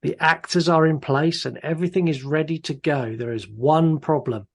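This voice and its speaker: A man's voice: a little high, normal speed, creaky. A man hosting a film podcast, talking casually and bluntly and swearing freely. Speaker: podcast host. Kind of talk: casual chat about films.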